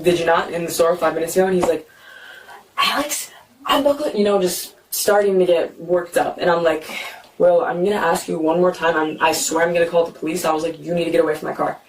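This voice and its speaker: A young woman telling a police officer what happened, talking fast and filling her story with "like" and acted-out quotes, recorded on a bodycam. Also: fairly low pitch, level tone. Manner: fast, repeats "like", acts out quotes. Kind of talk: retelling events to an officer. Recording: noisy bodycam audio from a distance.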